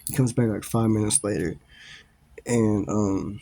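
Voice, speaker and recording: A man's voice: lowish voice, measured pace, vocal fry, mellow. Man, casual storytime vlogger, rambling delivery, laughs between lines, salty language. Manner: laughs often between lines, swears freely; rambling, with many fillers and restarts.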